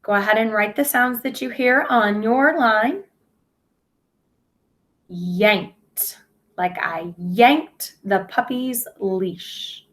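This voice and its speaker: A woman's voice: fairly high pitch, takes it slowly, hardly any pauses, a bit bright. A woman teaching a phonics lesson to young children, speaking patiently and over-enunciating sounds.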